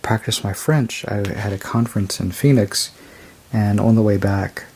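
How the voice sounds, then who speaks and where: A man casually reviewing a tarot deck, rambling and unhurried as he describes each card. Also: on the low side, a little mellow, slightly rough. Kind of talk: casual show-and-tell review.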